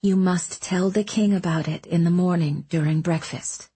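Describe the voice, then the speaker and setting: A woman narrator voicing a gentle, scheming woman who speaks in a soft, coaxing, lulling way. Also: fairly low pitch, steady tone, normal speed, slightly rough.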